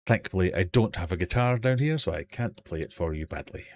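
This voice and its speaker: A man's voice: deep voice, expressive, fairly quick. A man with a British accent hosting a live-stream quiz from his fish room, reading questions and joking with the chat. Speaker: quiz host.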